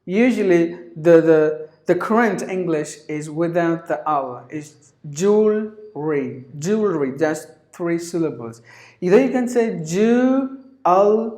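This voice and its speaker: A man teaching English pronunciation, repeating each word several times in a drawn-out way. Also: a little high, lively intonation, a little mellow. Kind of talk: pronunciation lesson. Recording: roomy echo.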